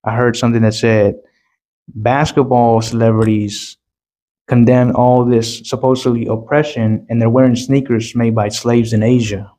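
A man's voice: mid-range voice, flat delivery, normal speed, dark tone. A man from Texas, a guest in a casual chat, earnestly telling stories and often quoting what others told him. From Texas, USA.

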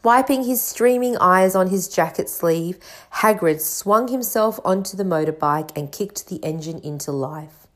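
Brief: woman storybook reader, lowish voice, measured and expressive. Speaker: audiobook reader. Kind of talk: storybook narration.

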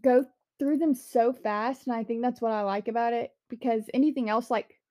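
A woman co-host with a high but mellow, soft-edged voice. She chats in a relaxed, agreeable way, with her sentences full of little fillers. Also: normal speed. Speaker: podcast co-host. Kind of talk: casual chat.

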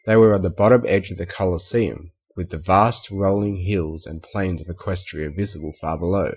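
A man reading fan fiction aloud as a narrator in a steady storytelling manner. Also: low voice, moderate pace, slightly rough.

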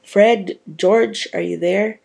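A woman's voice: medium pitch, steady tone, slow, vocal fry, darkish tone, breathy edge, full character voice. A woman reading as a fussing mother. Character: fussing mother of a large family. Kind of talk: reading a book aloud.

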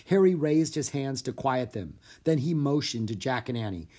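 In a mid-range voice at a moderate pace, a narrator brings a children's chapter book to life with lively, expressive storytelling.

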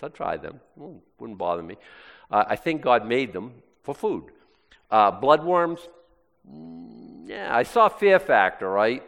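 A man's voice: medium pitch, a bit bright. A man with an American accent preaching a casual sermon in a rambling, folksy way, often interrupting himself. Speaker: pastor. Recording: reverberant hall.

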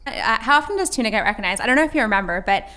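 A bubbly woman interviewer asks questions in a relaxed chat and laughs easily along the way. Her voice sits a little high. It comes across clear and smooth. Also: very fast. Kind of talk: casual interview conversation.

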